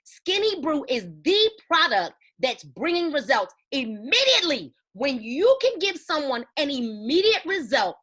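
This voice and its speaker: Bright, emphatic woman giving a motivational talk. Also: sits high, sing-song, unhurried, few pauses. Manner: emphatic, preachy, storytelling with quoted dialogue. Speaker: network marketing team leader.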